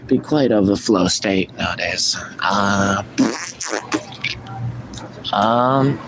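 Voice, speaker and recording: A man's voice: on the low side, drawn-out words, noisy background. A man ranting and preaching self-improvement in a profane, rambling live stream monologue.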